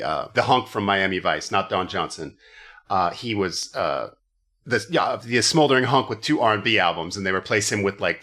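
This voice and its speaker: A man's voice: fairly low pitch, sharp tone. A man hosting a comedy podcast, joking and riffing casually, with the odd swear. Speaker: podcast host.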